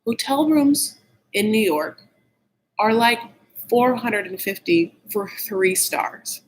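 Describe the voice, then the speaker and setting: A man's voice: animated, slow pace, low-quality recording. Catty man dishing gossip. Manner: catty, blunt and opinionated, heavy use of "like"; shifts pitch often when worked up. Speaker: TV show recap host. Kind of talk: casual gossipy live-chat recap.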